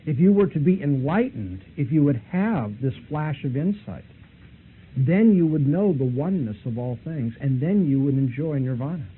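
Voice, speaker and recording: A man's voice: expressive, moderate pace. Argumentative male lecturer, tinny old recording. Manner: argumentative, pitch rising as he presses a point. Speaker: Christian apologist lecturer. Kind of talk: lecture with a retold debate. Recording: tinny lo-fi recording, faint hiss.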